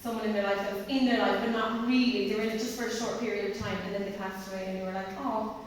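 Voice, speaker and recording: A woman's voice: mid-range voice, fairly even intonation, rapid-fire. A young Irish woman, a singer and stage actress, chatting casually as a podcast guest and acting out little quotes as she talks. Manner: chatty, full of "like" and acted-out quotes. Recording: echoey hall, distant mic, faint noise.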